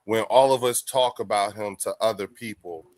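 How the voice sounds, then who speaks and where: A man's voice: on the low side, fairly even intonation, moderate pace, a little mellow, dry recording. A man hosting a sports fan stream, talking in a laid-back, profane way and leaning on fillers like "you know what I'm saying". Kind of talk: casual podcast chat.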